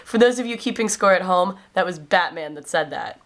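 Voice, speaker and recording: A woman's voice: lowish voice, expressive, a little fast. A young woman in her twenties, a classroom aide, casually telling funny stories in a vlog with frequent ums and a lift in her voice when quoting kids.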